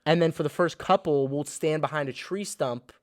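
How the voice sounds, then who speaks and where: Casting: young guy, a bit high-pitched, dry close sound, excitable and profane podcast co-host. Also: moderate pace, no room sound. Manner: excitable, profane, laughs often. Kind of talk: casual comedic banter.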